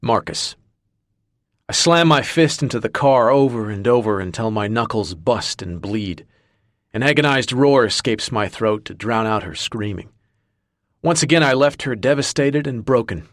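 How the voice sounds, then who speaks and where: A man narrating a romance audiobook in the first person, brooding and low-key. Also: expressive, moderate pace, no room sound, clean studio sound.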